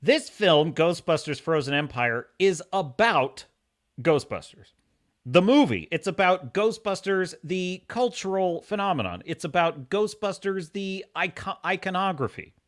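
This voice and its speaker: A man hosting a live-streamed podcast, reading viewer comments in a jokey, animated way and laughing often. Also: high-pitched, measured pace. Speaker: podcast host.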